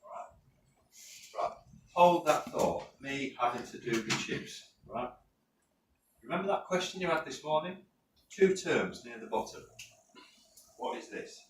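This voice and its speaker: Northern english bloke lecturing a class, keeps asking "right?", faint hiss in the background. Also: male voice, on the high side, animated, slow pace, pauses often. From North of England. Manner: chatty, asks the class questions and checks in with "right?". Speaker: safety course instructor. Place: training classroom. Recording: roomy, distant mic with faint noise.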